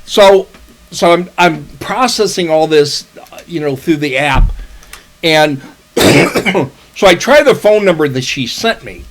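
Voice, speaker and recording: A man's voice: fairly high pitch, lively intonation, slow. A middle-aged man co-hosting a podcast, telling a long story in casual chat, swearing often and restarting his sentences. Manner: profane, rambling storytelling with restarts. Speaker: podcast co-host.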